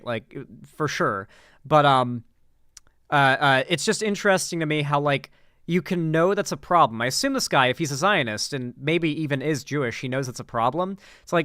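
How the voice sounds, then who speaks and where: Man, commentary host, casual reaction talk, rambling with fillers, slightly high voice, dry close sound. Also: a bit bright, smooth, no room sound. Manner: rambling, many fillers and restarts; blunt, with swearing.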